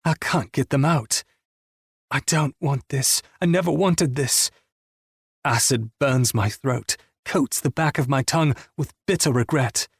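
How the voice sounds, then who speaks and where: A man narrating a romance audiobook in the first person, with a subdued, intimate reading and a husky voice. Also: mid-range voice, unhurried, no echo, studio quality.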